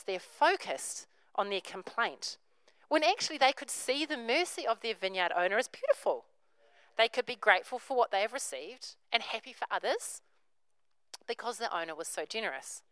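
Animated woman preaching. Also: mid-range voice, dry recording, low-quality recording. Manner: storytelling, acts out characters' voices. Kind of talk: sermon.

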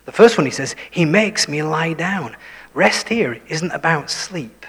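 A preacher's husky, slightly breathy, somewhat high voice rings with long hall reverb as he delivers an animated but slightly slow sermon. He swings from full voice to hushed whispers for emphasis, asks the congregation questions, and pokes fun at himself.

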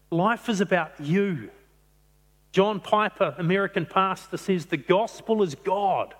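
A man preaching a sermon, earnest, stretching out key phrases for emphasis. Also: high-pitched. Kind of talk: sermon on a psalm. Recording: long hall reverb.

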